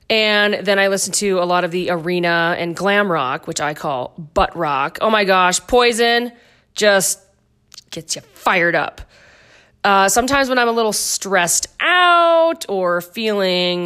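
Chatting casually on her solo dance fitness podcast, this middle-aged woman is goofy and talkative, tossing in playful asides. She speaks at a medium pitch with a slightly bright tone.

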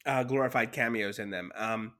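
A man's voice: fairly low pitch, moderate pace, sharp tone. Rambling man chatting about movies. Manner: rambling, many fillers and restarts. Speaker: podcast co-host. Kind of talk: casual movie discussion.

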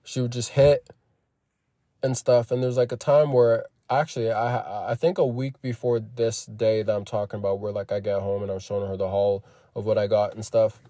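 A man telling a personal story in a casual, profane vlog, animated and acting out what people said. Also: on the low side, moderate pace, dry recording, clean studio sound. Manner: profane, animated retelling that acts out quoted lines. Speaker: vlogger.

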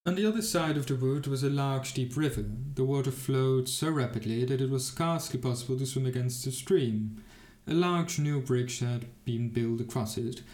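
A man's voice: mid-range voice, moderate pace, a little mellow. Man reading a fairy tale in an echoey room. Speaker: narrator. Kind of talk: storybook reading.

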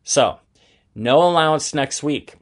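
A man's voice: on the high side, slow. A man reading aloud and voicing a patient, fair mother explaining things to her sons in a children's story.

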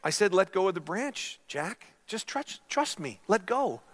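A man doing the calm voice of God. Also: high-pitched, measured pace, voice pushed up, exaggerated voice. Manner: easygoing and gently firm. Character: calm, patient male God speaking from above.

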